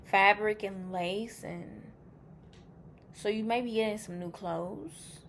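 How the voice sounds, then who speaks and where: A woman's voice: mid-range voice, slow pace, a bit bright, a little hiss or hum. A woman giving a casual pick-a-card tarot reading. She is chatty and blunt, swears freely, and thinks aloud as she reacts to the cards.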